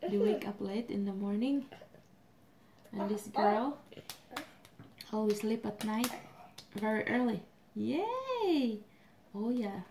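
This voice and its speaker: A woman's voice: medium pitch, expressive, takes it slowly, pauses often, noisy background. A woman filming a casual home vlog, talking sweetly to her children over breakfast. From Philippines. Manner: doting, sing-song talk to her kids.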